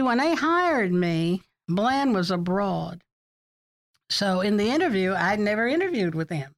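An older woman in an oral history interview, recalling colleagues as a chatty storyteller who laughs often. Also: medium pitch.

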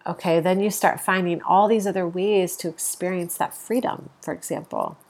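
A woman with a stuffy nose talks through a casual spiritual podcast from home, easygoing and enthusiastic, with soft laughs and fillers as a yoga teacher and host. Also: on the low side, fairly even intonation, normal speed.

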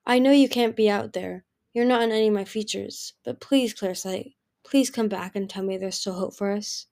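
A woman's voice: mid-range voice, normal speed, gravelly, a little mellow, lightly acted. A woman voicing a lonely, grieving male dragon who pleads and turns bitter, in an audiobook reading. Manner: pleading, raised and emotional.

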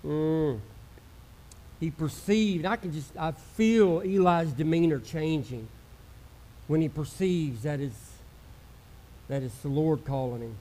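A male pastor preaching a sermon with passion, swinging from loud outbursts to hushed, intimate murmurs and acting out the voices of doubters. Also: on the high side, slow pace, pauses often. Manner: acts out quoted voices of doubters.

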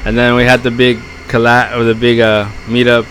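A man's voice: medium pitch, monotone, a little fast, fairly bright tone, a little hiss or hum, poor audio. A man co-hosting a podcast in casual chat, telling stories loosely and laughing often. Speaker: podcast host.

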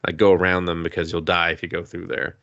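A man's voice: low-pitched, monotone, fast, a bit bright, no room sound, lo-fi sound. A man co-hosting a podcast, casually recapping an anime episode, acting out the characters' lines, laughing and swearing as he goes. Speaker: podcast co-host.

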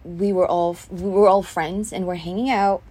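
A woman's voice: on the low side, fairly even intonation, moderate pace, darkish tone, breathy edge. A young woman hosting a solo podcast, telling a story in a heated, indignant way, full of fillers and restarts. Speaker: podcast host.

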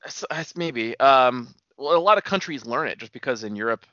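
Man, podcast co-host, crude casual chat, laughs easily, animated pitch, lo-fi. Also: moderate pace, dry recording. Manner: laughing, rambling, enthusiastic. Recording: dull lo-fi dry sound.

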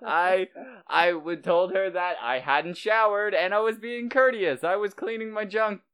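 Young male podcast co-host, high clear voice, animated laughing storyteller. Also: unhurried. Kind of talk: casual chat.

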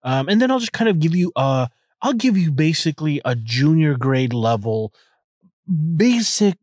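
A young man hosts a casual solo podcast from inside his car, speaking at normal speed in a slightly high, somewhat mellow voice with big pitch swings. He rambles irreverently, joking along and often restarting sentences, on a dry, studio-quality recording.

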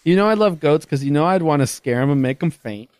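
Brief: giggly male co-host, high-ish and very animated, dry close sound. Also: quick pace, dry recording. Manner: giggly and playful, laughs often. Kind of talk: casual comedic chat.

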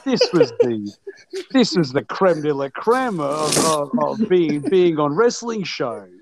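An Australian man, a guest on a podcast, telling stories in casual chat with lively jokes and acted-out lines. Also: on the high side, slow pace, noisy background. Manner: lively, joking, acts out dialogue. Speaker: podcast guest, wrestling promoter.

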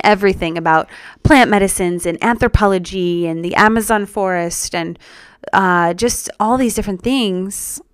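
A young woman telling her personal story as a podcast guest, earnest and reflective, in a soft-spoken way. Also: mid-range voice, normal speed, few pauses, smooth, dry recording, studio quality.

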